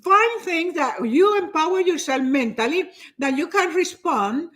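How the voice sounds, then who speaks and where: An older woman giving a motivational talk in an animated, preachy way, often repeating herself for emphasis. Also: very high-pitched, measured pace. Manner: acts out other people's nagging voices. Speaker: motivational speaker.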